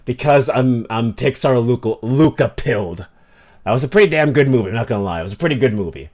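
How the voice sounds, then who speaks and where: A man streaming a game jokes around with viewers in casual, self-deprecating chat, tripping over foreign words and throwing in mock-dramatic outbursts as he reacts to them. He talks fast and animatedly, in a medium-pitched, slightly mellow voice.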